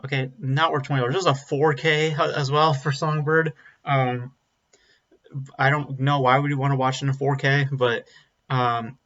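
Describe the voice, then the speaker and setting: A man's voice: mid-range voice, level tone, measured pace, fairly bright tone. Blunt rambling man reviewing a film. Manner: blunt, rambling, frequent ums and restarts. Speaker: movie reviewer. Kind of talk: casual spoken film review. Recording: slightly dull lo-fi audio.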